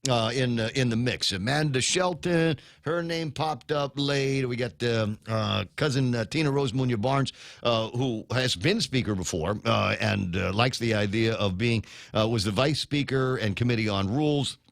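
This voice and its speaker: A man's voice: medium pitch, normal speed, gravelly, no echo. Rambling middle-aged male radio host. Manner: rambling, many fillers and restarts; reads out listener comments. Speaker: radio talk show host. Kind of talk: morning talk radio. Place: radio studio.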